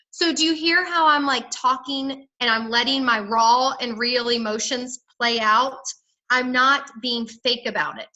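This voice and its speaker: Upbeat woman, sales team leader, high and bright, direct coaching over a video call. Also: rough recording. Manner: upbeat, direct, peppy sales pep talk.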